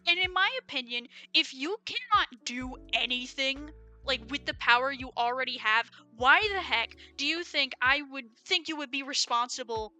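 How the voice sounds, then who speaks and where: A woman's voice: high-pitched, moderate pace, bright, forceful tone, faint music behind. A young American woman with an American accent, giving an opinionated, rambling livestream rant full of fillers. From United States. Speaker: streamer.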